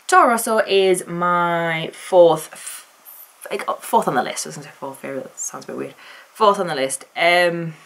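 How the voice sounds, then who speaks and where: Woman vlogger, low voice, chatty, rambling, enthusiastic opinions. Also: moderate pace, gravelly, fairly bright tone. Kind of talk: casual opinion rant.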